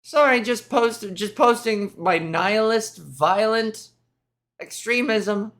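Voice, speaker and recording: Gravelly, slow-talking woman host. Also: mid-range voice, a bit bright. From Canada. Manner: profane, sarcastic, rambling. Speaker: podcast host. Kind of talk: casual solo podcast rant.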